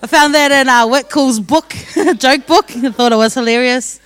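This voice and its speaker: A young woman with a high, fairly bright, clean voice shares her testimony with a church gathering at a normal speed. She's casual and joking, often laughing as she speaks.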